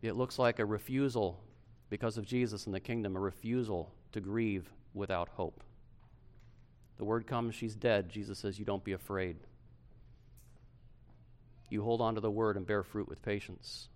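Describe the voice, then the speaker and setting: A middle-aged male pastor preaching a sermon to his church, swinging from loud emphasis to hushed softness. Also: lowish voice, fairly even intonation, moderate pace.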